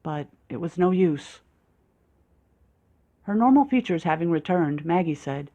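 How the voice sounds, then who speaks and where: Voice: mid-range voice, measured pace, long pauses, warm tone, lo-fi sound. An audiobook reader narrating in the first person with a dry, sarcastic, self-mocking manner.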